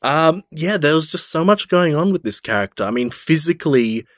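A man's voice: fairly high pitch, lively intonation, moderate pace, a bit bright, no echo, studio quality. A man casually discussing a film on a podcast, rambling with many fillers.

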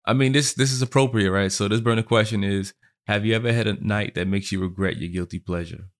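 A man's voice: lowish voice, fairly even intonation, fast talker. A man runs a casual podcast chat. He moderates in a playful, hyped way, rallying the group and calling on each person.

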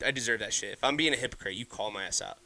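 A man's voice: on the low side, rapid-fire, sharp tone. A young man hosting a podcast, ranting casually and heatedly, swearing constantly and often restarting his sentences. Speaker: podcast host. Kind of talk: casual solo podcast rant.

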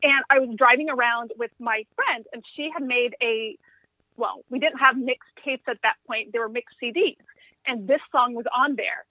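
A woman's voice: on the high side, normal speed, dry recording. A woman co-hosting a podcast in casual chat, gushing enthusiastically as she tells stories. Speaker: podcast co-host. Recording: tinny phone-like line, dry.

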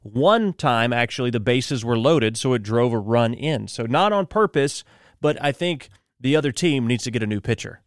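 A man's voice: mid-range voice, lively intonation, normal speed, clear, resonant tone, dry recording, studio quality. A man hosting a morning show podcast, talking casually and joking through loose asides. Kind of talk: casual solo podcast talk.

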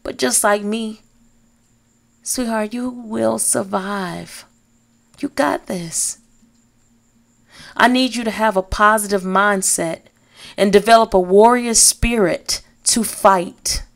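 Woman podcast host, inspirational faith talk; slow, emphatic, a gravelly edge. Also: mid-range voice.

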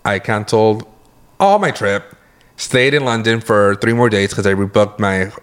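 A man's voice: lowish voice, normal speed, smooth. A young man from California co-hosting a podcast, telling stories in a casual chat, acting out his reactions and cursing freely. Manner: animated storytelling, swears freely, acts out his own reactions. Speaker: podcast co-host.

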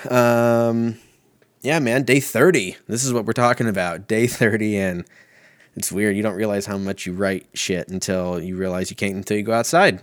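Man, 30s, low voice, profane rambling podcast host, self-mocking, dry close sound. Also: dry recording. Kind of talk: casual solo podcast rambling. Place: at home.

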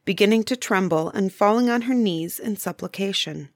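A woman narrating a bedtime story, softly and unhurried. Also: mid-range voice, no echo, studio quality.

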